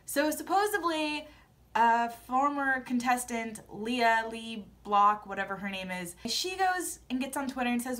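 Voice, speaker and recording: A young woman vlogging sassy, animated, opinionated commentary in casual chat. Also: fairly high pitch, unhurried. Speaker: vlogger recapping a TV show.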